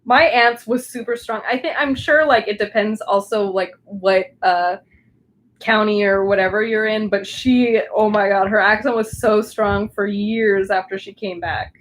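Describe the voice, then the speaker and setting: A woman's voice: mid-range voice, steady tone, unhurried, poor audio. A young woman with a Southern Californian accent, chatting casually with a live stream audience while she crafts at home, rambling and full of restarts. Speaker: crafting livestreamer.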